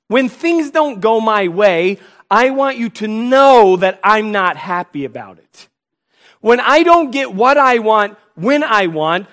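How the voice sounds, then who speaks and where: A man preaching from the pulpit in a high voice. He leans on rhetorical questions and plays out mock conversations with his listeners. His pace and loudness swing widely from one phrase to the next. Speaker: pastor. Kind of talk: sermon.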